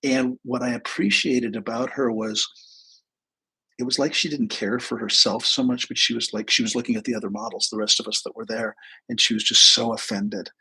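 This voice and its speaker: A man in his sixties speaks with a heavily raspy, gritty voice of ordinary pitch. He tells a personal story on a live stream in a candid, rambling way, restarting often and swearing casually. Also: steady tone, brisk, bright, forceful tone, low-quality recording. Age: 60s. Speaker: host.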